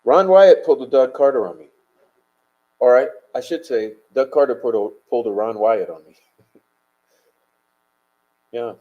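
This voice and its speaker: A man's voice: medium pitch, moderate pace, long pauses, muffled recording. A man hosting a casual livestream, rambling and swearing emphatically as he chats and answers viewer comments. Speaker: livestream host.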